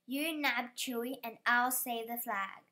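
A woman's voice: on the high side, unhurried, bright, forceful tone. A woman voicing an eager, watchful male cat in a children's storybook, urgent in tone. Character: clever, watchful male house cat hero.

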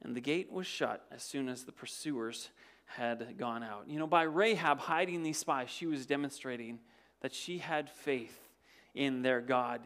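A man preaching a sermon in an animated way, dropping to near-whispers and rising to loud exclamations, often repeating words as he goes. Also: medium pitch, measured pace. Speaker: pastor.

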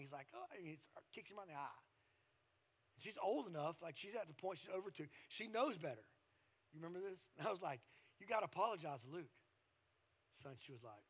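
A man, preaching a sermon in a conversational, storytelling way that often drops to quiet asides. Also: high-pitched. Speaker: pastor.

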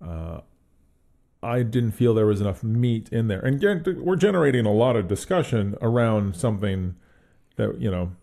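A man's voice: fairly low pitch, expressive, normal speed, gravelly, dark tone. A man co-hosting a podcast, chatting casually about a tabletop adventure module and thinking aloud with frequent restarts. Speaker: podcast co-host. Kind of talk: casual tabletop game review chat.

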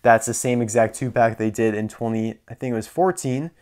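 A man's voice: mid-range voice, fairly even intonation, brisk, darkish tone. Chatty young man reviewing toys. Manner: chatty, rambling, enthusiastic about details. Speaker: toy collector reviewer. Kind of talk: casual toy review vlog.

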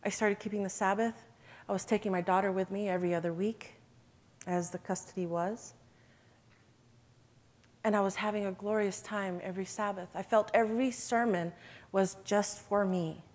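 A woman's voice: medium pitch, fairly even intonation, normal speed, a little mellow. A woman giving an emotional, earnest church testimony in an event hall, addressing listeners as brothers and sisters.

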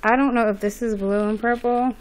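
A woman filming an unboxing vlog, talking in a nervous, excited and gushing way. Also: a little high, a little fast, slight background noise, poor audio. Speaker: vlogger. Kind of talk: unboxing vlog, casual chat.

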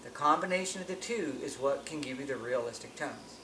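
A man's voice: medium pitch, lively intonation, a little fast. Plain-spoken man teaching elk calls, echoey. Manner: plain-spoken, restarts phrases while explaining. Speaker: elk calling instructor. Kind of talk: hunting-call tutorial. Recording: echoey with faint ambient noise.

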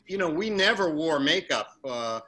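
A man eagerly recounts old memories in a relaxed group chat, piling on details and asides. His tone is bright and forward and sits a little high. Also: normal speed, poor audio. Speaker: former film cast member. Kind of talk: casual reminiscing on a video call.

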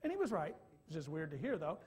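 Animated high-voiced male evangelist. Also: fast talker, slightly rough. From Michigan. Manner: animated, swings from quiet asides to loud bursts. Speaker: evangelist preacher. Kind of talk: sermon storytelling. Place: church.

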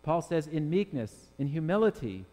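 A man's voice: fairly high pitch, sing-song, normal speed, mellow, big-room sound. A man preaching a sermon as pastor to his congregation, emphatic and full of rhetorical questions. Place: church sanctuary with congregation.

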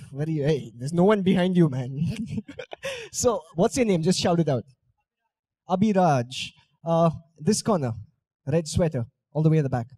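A man's voice: fairly high pitch, warm tone, husky, dry recording. A young man, talking on stage and playfully teasing and coaching his audience. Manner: playful, teasing, coaxing the crowd. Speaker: speaker on stage. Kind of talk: live talk with audience drills. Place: auditorium stage.

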